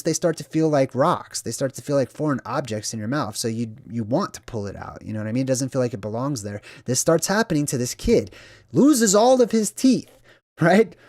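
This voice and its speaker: A man's voice: medium pitch, darkish tone, no echo. Dry-voiced man chatting about movies. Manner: conversational, says "right?" often, acts out quotes. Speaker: channel host. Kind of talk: casual movie commentary.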